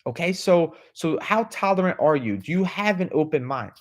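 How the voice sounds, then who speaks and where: A man's voice: on the high side, animated, normal speed. Man giving a questioning motivational talk. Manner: asks the listener questions, tags lines with "right?" and "okay?"; repeats words as he restarts. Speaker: podcast host.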